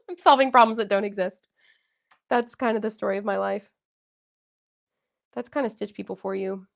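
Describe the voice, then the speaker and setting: A woman's voice: medium pitch, moderate pace, vocal fry. A woman hosting a casual livestream, chatting and encouraging viewers as she reads out their comments. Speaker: livestream host.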